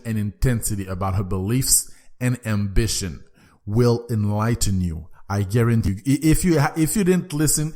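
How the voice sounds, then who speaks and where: A young man hosts his own book podcast, talking. His delivery is eager and animated, and he often stumbles and restarts his words. His voice sits at an ordinary middle pitch. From Quebec, Canada. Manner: enthusiastic, repeats and restarts words. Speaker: podcast host. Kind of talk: solo book podcast monologue.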